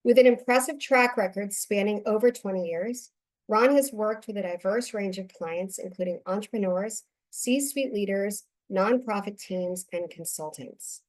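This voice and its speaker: A woman's voice: medium pitch, unhurried. A woman hosting an interview, upbeat and enthusiastic as she introduces her guest. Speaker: interview host. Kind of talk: casual interview talk.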